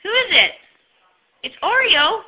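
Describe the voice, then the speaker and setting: Woman being silly with her niece at home, high bouncy sing-song voice. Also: big pitch swings, unhurried, lo-fi sound. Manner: sing-song, teasing questions to a toddler. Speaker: aunt filming her niece. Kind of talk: playful home-video chat with a small child.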